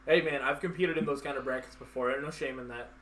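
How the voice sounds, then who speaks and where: A man's voice: mid-range voice, steady tone, fast, a bit bright. A man hosting a casual live-stream interview, talking in a loose, rambling way with lots of fillers. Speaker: host.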